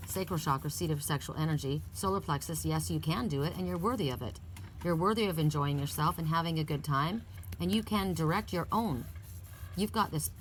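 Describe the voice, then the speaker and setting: A woman's voice: low voice, slight background noise. A woman giving a casual, upbeat oracle card reading, chatting freely and reciting affirmations with emphasis.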